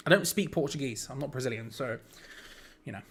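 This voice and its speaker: A man's voice: medium pitch, fairly quick, breathy edge. A young man hosting a live football watch-along, calling the play casually and chatting to viewers with frustrated asides. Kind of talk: live match commentary and chat.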